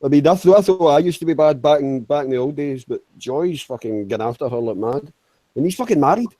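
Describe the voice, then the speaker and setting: A man's voice: a little high, expressive, a little fast, dark tone, no room sound, poor audio. A man chatting casually, rambling with stammered restarts and frequent swearing. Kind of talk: casual chat.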